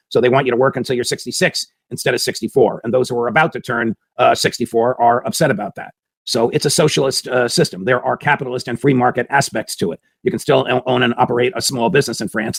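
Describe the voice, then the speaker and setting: A man's voice: medium pitch, fairly bright tone, breathy edge, no room sound. A man hosting a political commentary show, giving an emphatic opinion monologue full of hammering rhetorical questions.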